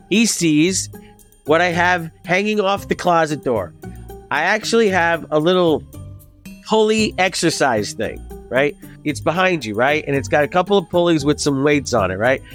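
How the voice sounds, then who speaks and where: A man in his fifties telling a comic personal story, animated and profane, acting out the people in it. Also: high-pitched. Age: 50s. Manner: animated, profane, acts out quoted voices. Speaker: storyteller guest.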